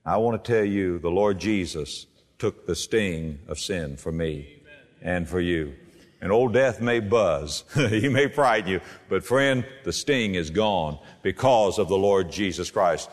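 A man preaching a sermon in an animated, sing-song delivery. His pitch leaps upward on quoted scripture and falls back for plain explanation. The sound carries a long reverb of a big hall. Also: measured pace. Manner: animated, rising to high emphatic peaks on scripture quotes.

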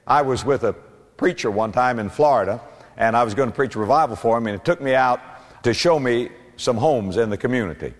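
Emphatic man preaching in a reverberant hall. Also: medium pitch. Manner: emphatic preaching, slows and rises on key words. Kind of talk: sermon.

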